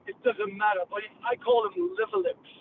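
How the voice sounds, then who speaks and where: This older man from England is a guest on a call-in show, delivering a blunt, profane, heated rant. He speaks briskly in a high-pitched, steady tone, and the phone line sounds tinny with a little background noise.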